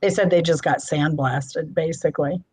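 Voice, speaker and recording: Woman, Midwestern American accent, casual stream host, laughs easily, lowish pitch. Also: moderate pace, a little mellow, slightly rough, rough recording. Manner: chatty, laughs often. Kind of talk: casual live-stream chat.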